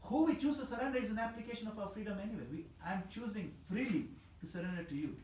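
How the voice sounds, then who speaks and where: A man giving a scripture class in a temple hall, animated and emphatic, laughing at his own examples. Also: sits high, quick pace, a little hiss or hum. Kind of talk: scripture class lecture answering questions. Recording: echoey hall with faint ambience.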